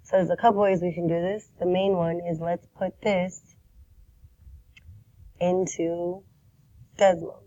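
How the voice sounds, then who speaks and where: A woman's voice: lowish voice, flat delivery, measured pace, pauses often, warm tone, muffled recording. A woman with a sick voice teaching a math lesson, walking through problems patiently and checking in with "right?" often. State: sick, rough voice. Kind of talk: recorded math lesson walkthrough.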